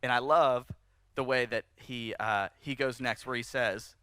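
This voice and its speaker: A man preaching a sermon at a church service, conversational and animated, rising in emphasis as he speaks to the congregation. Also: medium pitch, unhurried, smooth, dry recording. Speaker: pastor.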